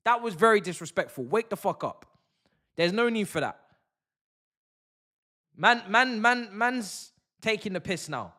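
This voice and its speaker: A man's voice: high-pitched, animated, a little slow, pauses often, pushed and bright. A young man chatting through a live football watch-along, full of slang and banter with his chat.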